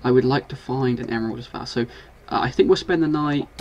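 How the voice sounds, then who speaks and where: A man giving casual, excitable commentary while playing a video game, scolding and swearing at the monsters on screen. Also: medium pitch, fast, highs cut off, a little hiss or hum. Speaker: gaming video host.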